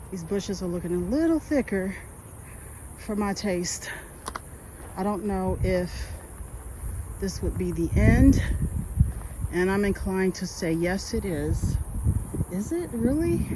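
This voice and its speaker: Slow-talking anxious woman on a hike. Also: mid-range voice, noisy background. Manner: nervous, talks to herself, breaks into anxious laughs. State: anxious, near panic. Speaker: vlogger hiking a trail. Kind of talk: self-filmed hiking vlog. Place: outdoors on a wooded nature trail. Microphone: phone held while walking.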